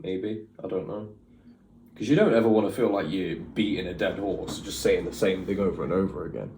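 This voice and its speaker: A brisk reaction channel host with a low, slightly mellow voice rambles casually through his opinions, using lots of fillers. The audio has a little hiss or hum, a roomy echo, a distant mic, and faint music.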